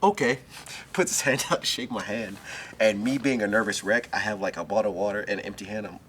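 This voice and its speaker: Bright-voiced low-pitched man telling a story. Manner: animated, emotional retelling with quick bursts and restarts. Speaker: wrestler, interview guest. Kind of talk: storytelling in a sit-down interview. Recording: faint background noise.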